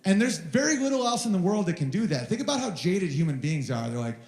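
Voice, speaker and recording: A man in his thirties doing a rambling stand-up comedy set on stage, telling stories about his toddler and shouting the child's lines in a high voice. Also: very animated, quick pace, few pauses. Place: live venue with audience. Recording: roomy live venue sound.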